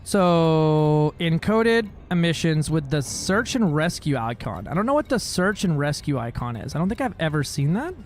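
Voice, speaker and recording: A man's voice: fairly high pitch, very animated, moderate pace, hardly any pauses, soft background music. A man streaming a space game, chatting casually with viewers in a joking, profane way. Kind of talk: casual gaming livestream chat.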